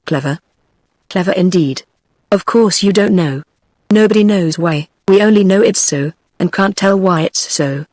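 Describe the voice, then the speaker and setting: A woman's voice: fairly low pitch, normal speed, no echo, clean studio sound, close to an everyday voice. A text-to-speech woman's voice with a British English accent reading the lines of a vain, pompous male fox king in a storybook. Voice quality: even synthetic read-out.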